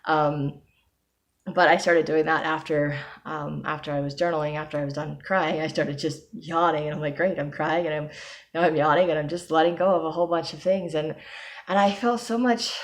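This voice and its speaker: A woman speaking softly and hesitantly in a reflective personal vlog, pausing often and breaking into small laughs. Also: deep voice. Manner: soft, hesitant, with many pauses and ums. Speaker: personal video diarist.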